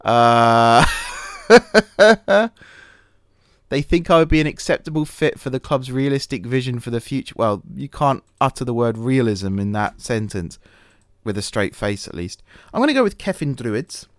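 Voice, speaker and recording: A man's voice: mid-range voice, a little fast, no echo. Rambling self-mocking man, dry close mic. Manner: rambling, self-deprecating, many fillers and restarts. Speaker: gaming channel host. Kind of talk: casual let's-play commentary.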